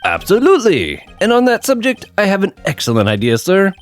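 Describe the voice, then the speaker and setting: A man's voice: high-pitched, wildly swooping pitch, a little fast, soft background music, voice pushed up. A man voicing a smug, fawning hotel bellboy in a strange put-on accent, calling everyone sir. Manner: odd put-on accent, overly formal "sir".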